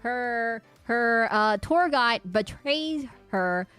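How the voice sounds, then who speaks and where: A woman's voice: on the high side, animated, extremely slow, a bit bright, clean tone, soft background music. A woman streamer chatting casually with her live audience, rambling with lots of fillers and restarts.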